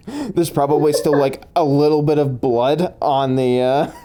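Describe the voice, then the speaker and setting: A man running a tabletop game as game master, relaxed and laughing easily, narrating loosely with fillers over a home chat mic. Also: on the high side, unhurried.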